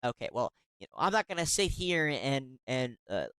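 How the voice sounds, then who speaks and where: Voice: mid-range voice, very animated, normal speed, a bit bright, smooth, no echo. A commentary show host reacting to emails read aloud, sarcastic and indignant, often restarting sentences.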